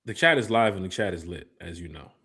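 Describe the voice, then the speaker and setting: A man co-hosting a casual live fan podcast, reading out viewer shout-outs with energy. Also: low voice, animated, fast, slightly rough. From lived in Memphis. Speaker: podcast co-host. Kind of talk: casual live-stream chat.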